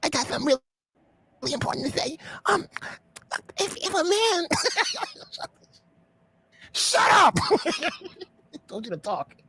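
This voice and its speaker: A man hosting a casual reaction stream, talking loudly and breaking into exclamations and laughter. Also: very high voice, sing-song, measured pace, long pauses. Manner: loud, laughing, exclamatory outbursts. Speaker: stream host reacting to a video.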